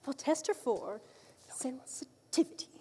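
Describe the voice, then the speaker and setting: A woman's voice: high voice, wildly swooping pitch, unhurried, a little mellow, heavily acted. A woman playing a domineering, scheming middle-aged queen in a live stage musical, bossy and scornful, recorded by a far camera. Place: theater stage. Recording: reverberant theater.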